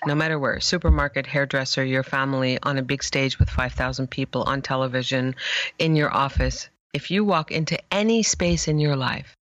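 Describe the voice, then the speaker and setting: A woman who works as an image therapist, telling stories in an animated way in a conversation. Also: sits low, no room sound, muffled recording. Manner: animated storyteller, acts out quoted voices. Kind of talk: conversational interview storytelling.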